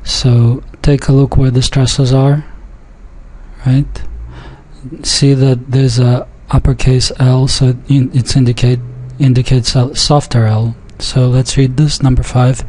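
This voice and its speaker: Guy teaching pronunciation real slow, mellow low-key voice, repeats stuff carefully. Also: level tone, low-quality recording. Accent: speaks a Yiddish dialect. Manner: deliberate, repeats words slowly, with pauses and small restarts. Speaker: language teacher. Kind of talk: slow classroom-style pronunciation lesson.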